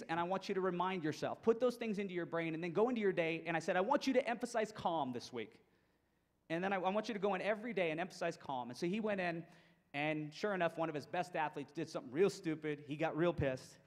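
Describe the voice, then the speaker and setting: Male motivational speaker, high voice, energetic and emphatic, long hall reverb. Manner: energetic, emphatic, repeats points for stress. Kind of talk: keynote presentation.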